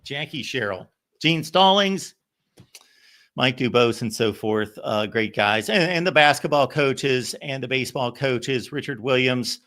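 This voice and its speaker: A man hosts a call-in show in a bright, forward voice, middle of the range for pitch. He wanders from story to story, circling back with fillers and restarts. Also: animated, unhurried. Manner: rambling, anecdotal, many fillers and restarts. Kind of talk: casual storytelling.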